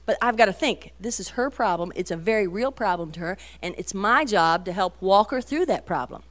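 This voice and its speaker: A middle-aged woman giving a folksy, animated talk to a women's meeting, storytelling with many asides. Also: medium pitch, brisk. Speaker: Christian women's speaker.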